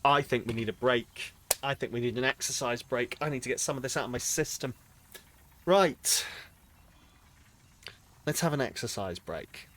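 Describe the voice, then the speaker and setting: A man's voice: medium pitch, moderate pace, long pauses, fairly bright tone, a little hiss or hum. A British man streaming a game, muttering to himself, swearing and sounding exasperated. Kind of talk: casual gaming commentary.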